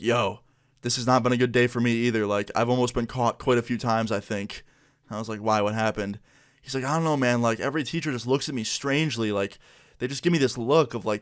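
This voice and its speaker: A young man casually telling a school story to his viewers, acting out the dialogue as he goes, with lots of "like" and relaxed asides. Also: medium pitch. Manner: relaxed, chatty, heavy use of "like"; acts out dialogue with quotes. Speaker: vlogger.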